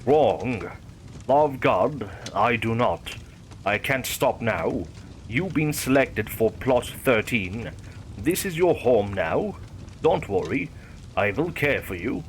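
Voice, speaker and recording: A man's voice: mid-range voice, sing-song, takes it slowly, a little hiss or hum. A man voicing a cheerful, teasing male kidnapper who buries people alive, talking in a careless, matter-of-fact way. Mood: calm.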